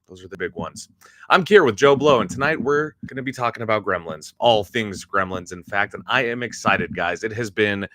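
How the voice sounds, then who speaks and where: A man hosting a casual live stream, chatting with viewers and sounding a bit sick and hoarse. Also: lowish voice, expressive, brisk, bright, forceful tone, no room sound. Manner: chatty, greets viewers by name. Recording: faint music in background.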